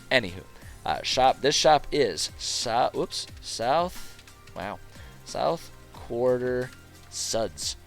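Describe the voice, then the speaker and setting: A male streamer and game master chatting casually as he builds a world, rambling, joking at his own expense and swearing now and then. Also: on the low side.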